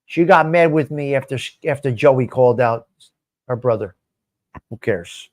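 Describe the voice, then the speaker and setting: A man's voice: medium pitch, normal speed, darkish tone. A man hosting a live stream show, chatting casually and answering viewer comments by name in a rambling, swearing way.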